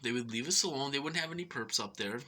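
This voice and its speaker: A man's voice: mid-range voice, lively intonation, quick pace, sharp tone. A middle-aged man from Minnesota rambling through an aggrieved personal monologue, full of fillers and restarts, sounding short of breath. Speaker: vlogger.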